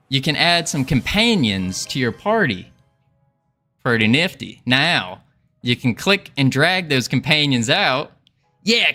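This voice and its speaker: A man's voice: mid-range voice, pushed and bright. A man, an indie game developer, demoing his game on a casual livestream in a jokey put-on Southern drawl and laughing often.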